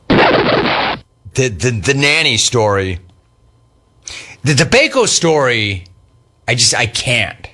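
Bright-voiced teasing male show host. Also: medium pitch, sing-song, slow, long pauses. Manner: teasing, mocking repetition. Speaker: talk show host reading listener messages. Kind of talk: casual live show banter.

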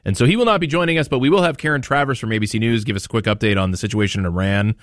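A male morning radio host talks through the news in a loose, conversational way, pausing with fillers and side remarks. His voice sits low, and the studio sound is dry and close. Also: fairly bright tone, dry recording. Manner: chatty, thinks aloud with fillers and asides. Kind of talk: conversational political commentary.

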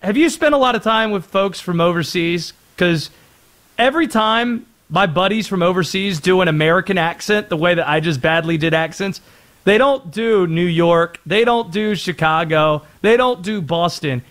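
Casting: male sports radio host, slightly high, animated and jokey. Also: normal speed. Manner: animated, puts on silly voices.

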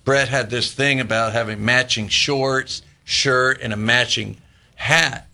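Man, 60s, ex-ballplayer guest; bright forceful voice, lively storyteller who laughs a lot. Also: medium pitch, slow pace, gravelly. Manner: animated anecdotes, laughing often. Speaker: former baseball player, guest. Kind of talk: casual storytelling interview.

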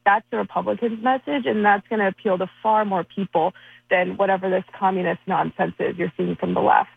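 Woman caller from Florida, confident strategist, husky gravelly voice, tinny phone line. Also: medium pitch, steady tone, no echo. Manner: confident, brisk talking points. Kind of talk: phone-in interview.

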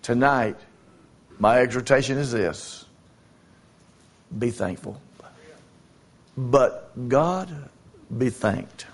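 A man preaches a sermon as a traveling evangelist. He tells homespun stories in a folksy, plain-spoken way. He stumbles over fillers and repeats phrases as he goes. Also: medium pitch. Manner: folksy, storytelling, repeats himself with halting fillers.

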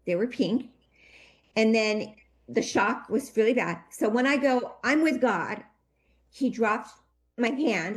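A woman with a fairly high voice tells her story as an interview guest. Her voice is shaky with emotion, and she speaks haltingly, stopping and restarting often. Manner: halting, full of restarts and fillers. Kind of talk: personal storytelling.

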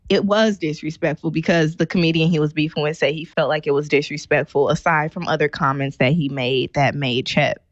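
A woman co-hosting a casual podcast chat, recapping a story in a teasing, animated way. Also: sits low, no room sound, lo-fi sound. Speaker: co-host.

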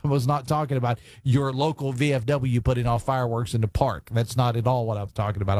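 A man's voice: fairly low pitch, dry recording. A man hosting a call-in radio talk show, chatting casually and reading listener texts with lots of fillers. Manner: conversational, reads listener texts, many fillers. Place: radio studio. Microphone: studio broadcast mic.

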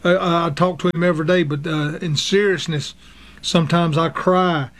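A man preaching a sermon, earnest and halting, with frequent fillers, reading scripture aloud in old-fashioned wording. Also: a little high, fairly even intonation, fairly bright tone. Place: radio broadcast.

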